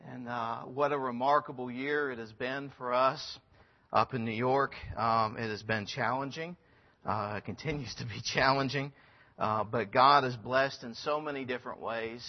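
A man's voice: medium pitch, steady tone, normal speed, dull audio. A man, a missionary giving a report to a church congregation, speaking earnestly and conversationally with frequent ums and restarts. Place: church sanctuary.

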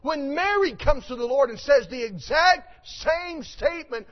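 A man's voice: very high-pitched, lively intonation, measured pace, hardly any pauses, muffled recording. A man preaching a sermon, reading scripture aloud and then preaching it with rising, emphatic force.

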